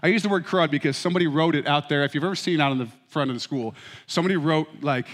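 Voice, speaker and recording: A middle-aged man preaching a sermon as pastor, with humorous, animated storytelling. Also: on the high side, rapid-fire. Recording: reverberant hall.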